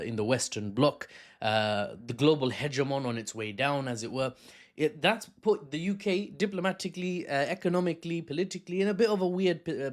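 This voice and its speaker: Sarcastic rambling British news commentator man. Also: mid-range voice. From United Kingdom. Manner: sarcastic, rambling, many fillers and restarts.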